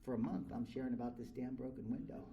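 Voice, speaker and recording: A creaky, mid-range male voice moves at a quick pace through dull audio with background noise. The middle-aged Californian is speaking candidly to a live crowd at a recovery meeting in a convention meeting room, blunt, frank and swearing as he tells his story.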